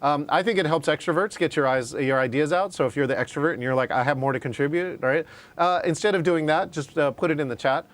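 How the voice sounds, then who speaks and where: A man's voice: on the high side, fast. A man teaching a live online class on virtual meetings, talking conversationally and often checking in with "right?". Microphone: video call.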